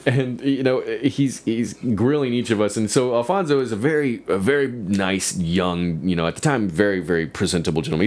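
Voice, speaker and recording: Man, podcast host, low voice, profane, laughing, casual storytelling. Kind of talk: casual chat.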